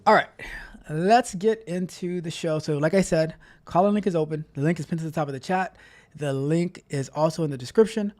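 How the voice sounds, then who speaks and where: A man's voice: fairly high pitch, fairly quick, a little mellow, slight background noise. A man hosting a live stream, chatting casually, reading out chat messages and repeating himself as he talks. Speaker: livestream host.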